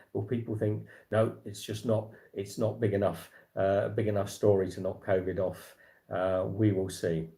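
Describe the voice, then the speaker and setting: A man's voice: medium pitch, dark tone. A man with an English accent hosting a casual livestream chat, rambling with lots of fillers and restarts. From England. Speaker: livestream host.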